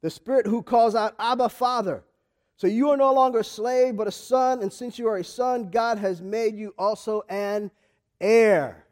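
A man preaching a sermon with passion, addressing the congregation directly and rising to shouts. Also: sits high, moderate pace. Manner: impassioned, rising to shouts, speaking straight to the congregation.

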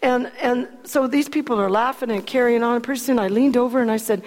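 A high-voiced woman tells a personal story to a crowd. She is chatty and laughs a lot, stumbling over and restarting her sentences. Her voice rings out with a long reverb, as if in a large hall. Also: quick pace, few pauses, darkish tone. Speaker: speaker telling a testimony.

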